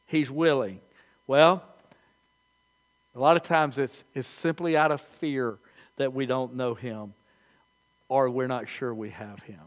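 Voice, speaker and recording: An older pastor with a medium-pitched voice preaches a sermon full of folksy stories. He's animated but halting, often stopping and restarting his sentences.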